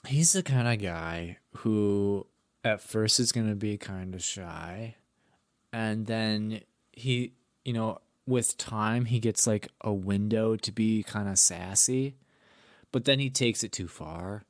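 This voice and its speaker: A man's voice: lowish voice, slow, no echo, studio quality. A young man co-hosting a podcast, telling a rambling anecdote with swearing and laughter. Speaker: podcast co-host. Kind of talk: casual podcast chat.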